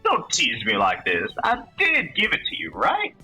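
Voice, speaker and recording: Man voicing a weepy high-strung debtor from a visual novel, husky edge, faint music behind. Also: wildly swooping pitch, moderate pace, bright, forceful tone, full character voice. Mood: whining. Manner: high-pitched, pleading, near tears. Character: whiny excitable middle-aged man in debt. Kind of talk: reading a visual novel aloud.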